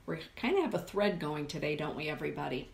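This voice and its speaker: A woman's voice: low voice, expressive, fast talker, gravelly, reverberant. A woman hosting a live stream, reading oracle cards and reflecting aloud as she addresses her chat viewers by name. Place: indoor room with a forest view.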